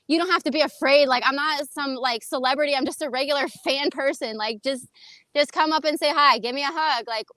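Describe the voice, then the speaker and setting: A woman's voice: high voice, fairly quick, fairly bright tone, no room sound. A woman guesting on a sports podcast, chatting casually, bubbly and full of "like". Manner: bubbly, peppered with "like", laughs easily. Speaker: guest co-host, fan club leader.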